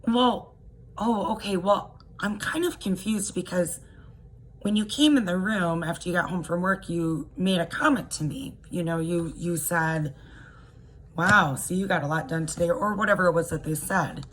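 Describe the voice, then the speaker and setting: A woman voicing a confused spouse who gently and hesitantly tries to smooth things over. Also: lowish voice, moderate pace, slight background noise, natural voice, rough recording. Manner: hesitant and conciliatory.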